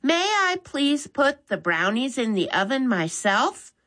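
A woman's voice: sits high, big pitch swings, a little slow, fairly bright tone, pitched above the performer's own voice, full character voice. A woman reading aloud, voicing a responsible boy who gives directions politely. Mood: bossy. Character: boy, responsible and a bit bossy.

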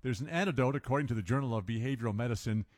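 A man's voice: mid-range voice, very fast, darkish tone, no room sound. A man hosting a radio show, giving a listener tip in chatty talk and laughing as he speaks. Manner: chatty, laughs while talking.

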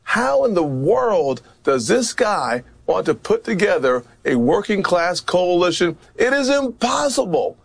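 A man giving a forceful, emphatic political campaign-style speech. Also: fairly high pitch, creaky, dry recording.

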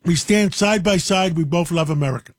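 A high-pitched man with a New York accent chats as a radio host. He is enthusiastic and rambling, piling thought onto thought. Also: a little fast. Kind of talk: casual talk radio hosting.

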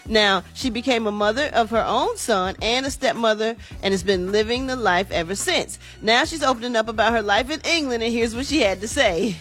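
A woman's voice: on the high side, brisk, few pauses, a bit bright, faint music behind. A woman hosting a chatty morning radio entertainment segment. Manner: chatty, laughs easily, casual asides. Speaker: entertainment news host.

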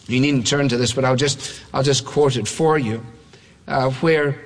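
A man preaching an expository sermon, emphatic and repetitive, slowing down to read scripture quotes aloud. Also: a little high, long reverb tail. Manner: emphatic, repeats phrases, slows for scripture quotes.

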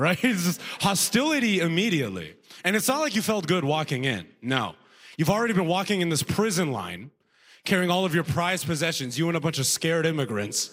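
A man's voice: fairly high pitch, sing-song, fairly quick, a bit bright. A man performing a stand-up comedy set on a club stage, talking to the crowd in a conversational, punchy way and laughing at his own jokes. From Canada. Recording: faint noise, long hall reverb.

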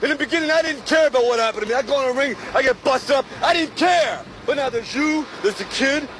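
An actor playing a champion boxer who shouts out his fear in a strained voice, heard in a film clip. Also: very high-pitched, lively intonation, fast talker. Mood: desperate. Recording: film clip with street noise behind.

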